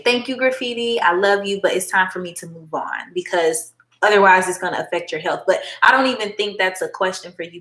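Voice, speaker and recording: Her voice sits on the low side, bright and forceful, as she reads tarot for a live audience. The phone picks up an echoey room while she chats fondly, calling people honey and baby girl.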